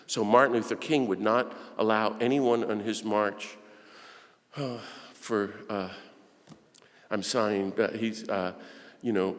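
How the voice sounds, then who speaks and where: Fervent priest in a reverberant hall. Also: male voice, on the low side. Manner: animated preaching that swings from fervent urging to hushed storytelling. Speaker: priest and guest speaker. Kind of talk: impassioned talk to a parish audience. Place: large church hall. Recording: long reverb of a large hall.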